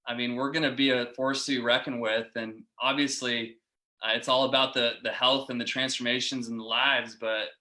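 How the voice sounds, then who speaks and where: A man's voice: mid-range voice, pushed and bright. A man in his thirties giving an eager, upbeat testimonial to a team on a video call. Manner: eager, upbeat, addresses listeners as "you guys". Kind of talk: enthusiastic testimonial.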